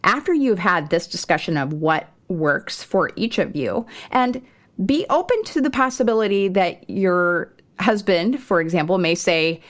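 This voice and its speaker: A middle-aged woman with a low-pitched voice hosts a homeschooling podcast. She talks in a relaxed, conversational way, with small restarts and fillers as she explains. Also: a little slow. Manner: warm, conversational, with occasional laughs and fillers. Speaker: podcast host. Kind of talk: homeschool parenting advice podcast.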